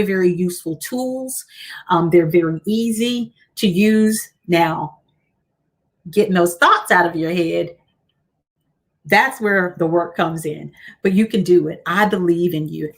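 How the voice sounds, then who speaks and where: A woman hosting a motivational livestream as a coach, speaking encouragingly and repeating key lines slowly. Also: fairly low pitch. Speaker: host and coach.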